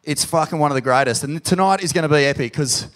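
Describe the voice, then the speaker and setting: A man with an Australian accent hosting a live podcast on stage in a pub, sweary and emotional, loud when he hypes up the crowd. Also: on the high side, fast. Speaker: podcast host. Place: pub venue with live audience.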